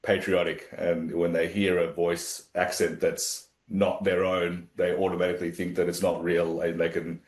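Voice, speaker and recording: Deep-voiced man in an echoey room. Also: level tone, moderate pace, few pauses. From Australia. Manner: hesitant, explains with many fillers and restarts. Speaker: guest presenting an AI platform. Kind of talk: casual video-call demo. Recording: roomy echo.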